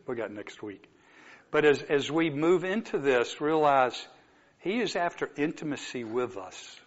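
A man preaching a sermon, telling a story and moving from soft asides to emphatic exclamations. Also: a little high, lively intonation, unhurried, dull audio.

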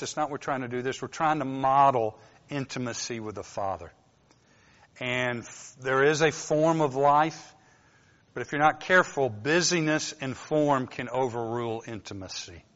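Southern preacher with a North Georgia accent, chatty and folksy, mid-pitched voice, recorded muffled with a long hall reverb. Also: male voice, moderate pace, a bit bright. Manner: conversational, folksy, self-deprecating asides. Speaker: pastor. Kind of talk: informal sermon.

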